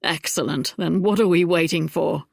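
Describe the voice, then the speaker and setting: Woman playing a charming young duke, wry, earnest, slightly low, gravelly, audiobook. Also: moderate pace, no echo, studio quality. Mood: teasing.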